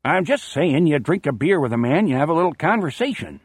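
A man's voice: a little high, sing-song, a little fast, husky, dry recording, clean studio sound. Man doing plainspoken Andy. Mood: probing. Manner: plain, folksy talk.

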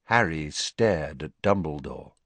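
A man narrating an audiobook in an expressive storytelling manner. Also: a bass voice, slow, no room sound. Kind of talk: scripted narration.

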